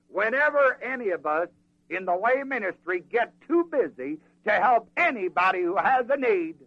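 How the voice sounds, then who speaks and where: A man preaching a sermon in a folksy, animated way, acting out the people in the scripture. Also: sits high, no room sound, muffled recording.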